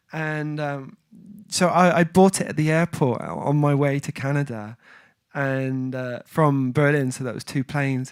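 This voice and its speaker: A man's voice: a little high, no echo, studio quality. A man hosting a music livestream, chatting casually and reading viewer comments. He rambles, breaks off and restarts as he tells a story. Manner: rambling, self-interrupting storyteller.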